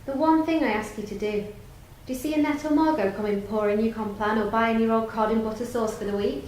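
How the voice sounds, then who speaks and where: A woman playing a bitter, sarcastic middle-aged daughter who speaks in a scornful, sharp-tongued, resentful way, in a theatre studio. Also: on the high side, fairly even intonation, fairly quick, reverberant, slight background noise, natural voice, poor audio.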